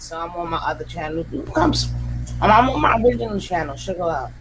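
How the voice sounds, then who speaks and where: A guest content creator in a casual livestream chat, talking emphatically and complaining in quick bursts. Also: mid-range voice, background noise.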